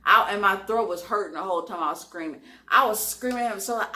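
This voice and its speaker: Bright-voiced woman telling a story. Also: medium pitch, quick pace, echoey room. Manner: animated, acts out quotes, lots of "like". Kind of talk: casual storytime.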